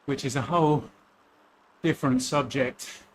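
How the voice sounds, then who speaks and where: This cycling vlogger from Essex, England, talks in an Essex accent while racing, chatty and joking at his own expense. His medium-pitched voice is unhurried, and there's a little hiss or hum on the recording.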